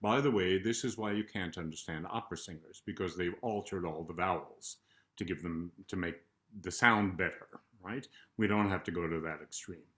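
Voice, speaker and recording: An older man, a choral conductor, calmly explaining a vocal warm-up to singers. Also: sits low, moderate pace. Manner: calm explanatory coaching, breaks into sung demonstrations. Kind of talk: vocal warm-up instruction with demonstrations. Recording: roomy sound with loud piano accompaniment.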